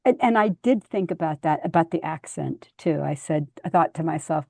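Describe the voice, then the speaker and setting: A woman's voice: low-pitched, animated, moderate pace, gravelly, few pauses, a little mellow, no room sound. A woman hosting an online book launch over a video call, chatty and encouraging. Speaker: host.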